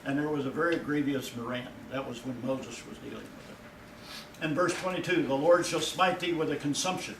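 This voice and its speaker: A male pastor preaching a sermon in a folksy way, his voice rising and loud whenever he quotes God. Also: on the high side, fairly even intonation, moderate pace, a little hiss or hum. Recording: echoey room from far off.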